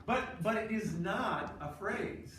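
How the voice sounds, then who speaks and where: A male teacher lectures a class in an emphatic, animated way, throwing in sarcastic asides. His voice sits a little high, and it reaches the mic from a distance in a reverberant room with faint background noise. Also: slow. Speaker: choral conducting teacher.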